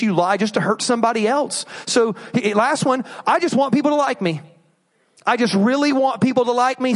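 A man preaching a sermon, asking rhetorical questions and acting out inner voices. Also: sits high. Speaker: pastor.

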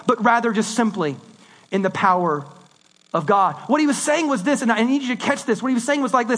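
Animated man preaching a casual sermon. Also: extremely high pitch, fast talker. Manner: conversational, animated preaching with swings between loud and hushed. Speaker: pastor.

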